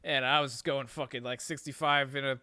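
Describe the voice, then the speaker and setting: A man's voice: medium pitch, fairly quick, clear, resonant tone, no room sound. A man hosting a podcast, telling a long story casually with constant swearing and rambling asides. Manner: profane, rambling, animated storytelling. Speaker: podcast host.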